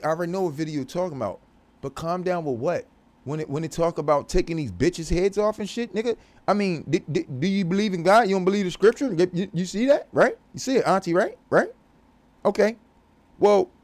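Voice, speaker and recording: A man delivering a profane, confrontational religious rant as a vlogger. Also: sits high. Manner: profane, aggressive, preachy.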